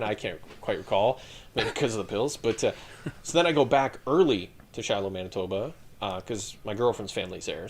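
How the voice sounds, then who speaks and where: A man in his thirties, a retired infantry soldier telling war stories on a podcast in a casual, profane, animated way with frequent laughter. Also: lowish voice, a little hiss or hum. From Canada. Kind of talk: casual storytelling chat.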